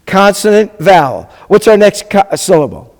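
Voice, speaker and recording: A man's voice: sits high, sing-song, moderate pace, creaky, darkish tone, long reverb tail. A man teaching a Hebrew class as a rabbi, patiently spelling things out and checking in often with his students. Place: classroom or hall with a live class.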